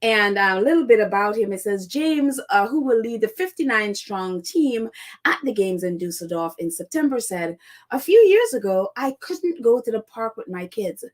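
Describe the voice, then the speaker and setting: A woman's voice: mid-range voice, animated, normal speed. A woman hosting a casual commentary podcast, chatty and sarcastic, laughing often and leaning on fillers as she reacts to the news. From United States. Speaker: podcast host.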